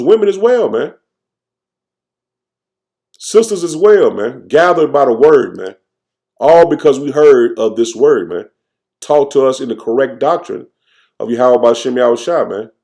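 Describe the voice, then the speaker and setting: A man giving an informal, fervent sermon, reading verses slowly and then commenting, tagging "man" onto nearly every phrase. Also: mid-range voice, dark tone. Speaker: scripture teacher. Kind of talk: informal preaching with scripture reading.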